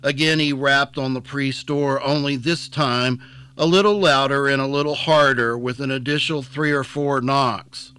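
A man narrating an audiobook chapter in a calm, unhurried storytelling manner. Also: mid-range voice, smooth.

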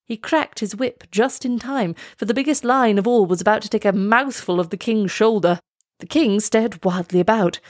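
Expressive woman reading a storybook. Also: mid-range voice, moderate pace, no echo, studio quality. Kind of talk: storybook read-aloud.

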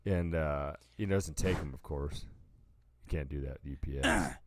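A man's voice: a bass voice, a little slow. A man co-hosting a casual podcast, teasing his friend and calling everyone dude. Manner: animated, teasing, says dude a lot. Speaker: podcast co-host. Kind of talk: casual chat.

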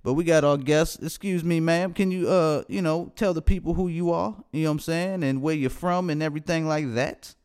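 A man's voice: fairly high pitch, brisk, hardly any pauses, a little mellow, clean tone. A man hosting a podcast, casual banter in loose slang, laughing often. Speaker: podcast host.

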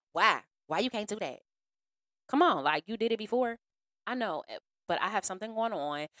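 A woman hosting a podcast in a casual monologue, frank and slangy, acting out other people in an animated way. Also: medium pitch, normal speed, no echo, clean studio sound. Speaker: podcast host.

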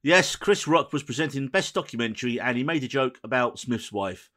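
A man hosting a podcast, running through the episode rundown in a quick, dry, teasing manner. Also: medium pitch, animated, bright, forceful tone. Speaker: podcast host. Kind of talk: casual podcast chat.

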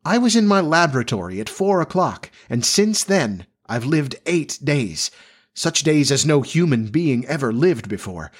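A man reading the part of a weary, hungry gentleman inventor who talks in terse, tired, insistent bursts. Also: on the high side, sing-song, measured pace, husky, voice pushed up, heavily acted.

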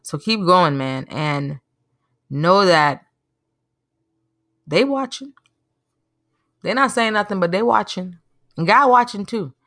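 Woman, podcast host, motivational monologue, low voice, dry close sound. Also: slow, pauses often, no room sound. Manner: earnest, preachy, animated storytelling.

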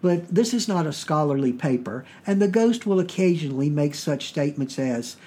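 A man with a Southern US accent hosts a podcast, explaining things in a plain, measured way. His voice is husky and pitched a little high for a man. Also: lively intonation, mellow. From Virginia, US. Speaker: podcast host.

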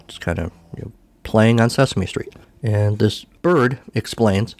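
A man's voice: on the low side, darkish tone, no echo. A man hosting a podcast, recapping a film casually in a rambling, self-correcting way. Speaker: podcast host.

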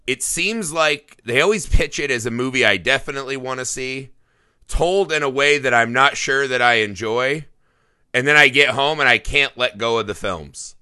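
A man's voice: medium pitch, normal speed, bright, forceful tone, smooth, no room sound, clean studio sound. A man hosting a casual movie podcast, joking around loosely and swearing often. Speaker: podcast host.

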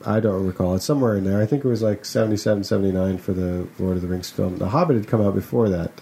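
Gravelly-voiced podcast co-host. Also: male voice, deep voice, fast talker, dark tone. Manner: rambling, self-correcting. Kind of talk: casual chat.

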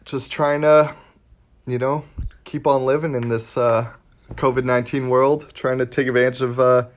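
A man's voice: medium pitch, flat delivery, moderate pace. A man co-hosting a parody business podcast, laid-back and rambling. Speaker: co-host.

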